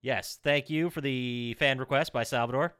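Man, podcast host, animated delivery, bright crisp voice, dry close sound. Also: medium pitch, moderate pace, no room sound. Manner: animated, reads out trivia and leads segments. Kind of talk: casual podcast chat.

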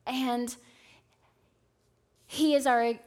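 A woman's voice: high voice, fairly even intonation, extremely slow. A woman in her thirties preaching a sermon in an earnest, conversational way, often checking in with the listeners. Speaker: speaker at a church service.

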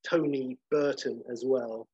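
Enthusiastic man with a husky voice. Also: mid-range voice, measured pace. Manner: animated, enthusiastic, chatty with many fillers. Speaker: podcast co-host. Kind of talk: casual chat. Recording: muffled lo-fi audio.

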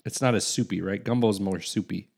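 A man's voice: on the low side, quick pace, gravelly, a little mellow. A man around forty co-hosting a casual chat, rambling along and reading facts aloud. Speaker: podcast co-host.

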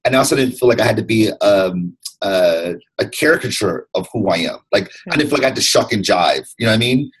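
Husky, low-voiced man, earnest guest. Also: lively intonation, fast talker, hardly any pauses, low-quality recording. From Detroit, USA. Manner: earnest and reflective, with repeated restarts. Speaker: podcast guest. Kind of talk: candid interview conversation.

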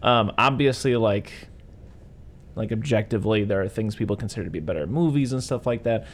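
A man in casual film talk, enthusiastic and acting out lines from the movie in quick voices. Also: lowish voice, animated, slight background noise. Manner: enthusiastic, acts out quotes in voices.

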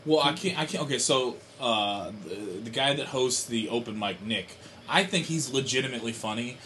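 A man's voice: mid-range voice, normal speed, bright, forceful tone, slight background noise. A man in casual podcast chat, rambling and correcting himself as he makes dry jokes.

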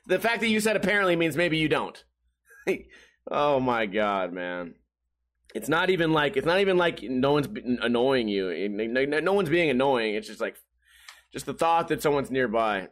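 A man's voice: mid-range voice, lively intonation, normal speed, fairly bright tone. A young man hosting casual commentary, rambling and joking as he reads a news article aloud. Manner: rambling, joking, often laughing. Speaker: host.

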